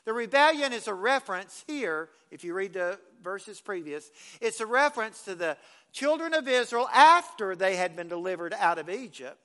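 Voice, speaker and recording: Bright high-voiced man preaching. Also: lively intonation, moderate pace. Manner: folksy, conversational preaching with repeated restarts. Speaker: pastor. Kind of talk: sermon.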